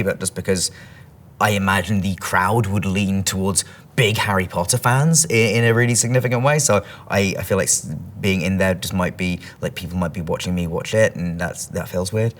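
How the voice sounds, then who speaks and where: A man's voice: low-pitched, a little hiss or hum. A man in his thirties with a London English accent, answering interview questions in a chatty, self-deprecating way and reading each question aloud. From England. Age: 30s.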